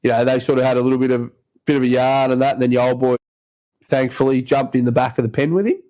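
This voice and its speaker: An Australian man hosting a podcast, spinning a long, rambling yarn in a relaxed, chatty manner. His voice sits at a middle pitch and slips into quick impressions of the people in his story. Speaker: podcast host. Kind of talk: casual storytelling chat.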